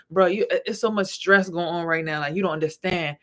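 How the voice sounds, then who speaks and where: A woman with a lowish, fairly bright voice talks briskly with few pauses, recounting stories bluntly and with lots of cursing. She's a vlogger and spiritual reader speaking casually to camera. A little hiss or hum is audible.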